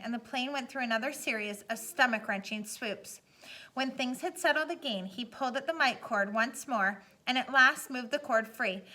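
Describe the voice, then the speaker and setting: A woman reads a novel aloud in a steady, dramatic way. Her voice sits a little high for a woman and sounds bright and forward, keeping an even, careful pace through the telling. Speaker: audiobook narrator. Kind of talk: scripted narration.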